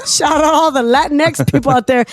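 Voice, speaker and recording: A woman hosting a radio talk show, upbeat and chatty, moving briskly through segments and bantering with her co-hosts. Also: high voice. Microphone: studio microphone.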